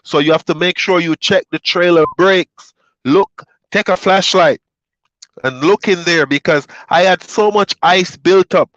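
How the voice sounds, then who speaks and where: A Jamaican truck driver with a high voice talks a little slowly to his viewers, rambling through road stories in a relaxed way with plenty of fillers. The sound is lo-fi with no echo.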